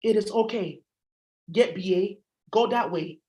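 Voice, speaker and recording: A woman's voice: medium pitch, a little slow, mellow, rough recording. A woman giving a spiritual reading in a blunt, profane, rambling monologue. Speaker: astrology reader.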